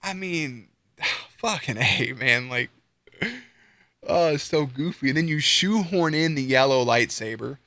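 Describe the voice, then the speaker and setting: A young man streaming live, ranting casually with lots of swearing and sudden high-pitched outbursts. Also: measured pace, no echo. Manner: profane, animated, swings into high-pitched outbursts.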